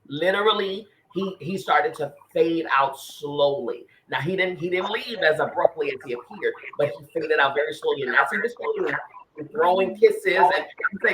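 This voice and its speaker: Over a noisy background, a podcast co-host with a fairly high-pitched voice talks at normal speed. He shares a personal spiritual story earnestly and casually, often starting over and repeating himself.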